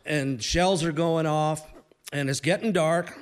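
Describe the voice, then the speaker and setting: Before a live audience, a man in his sixties tells a humorous story conversationally, with pauses and restarts. His voice runs on the high side.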